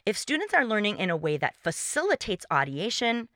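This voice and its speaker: A woman hosting a solo podcast, explaining music teaching ideas in a clear, measured way. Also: medium pitch, very animated, fairly bright tone, no room sound, clean studio sound. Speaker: podcast host.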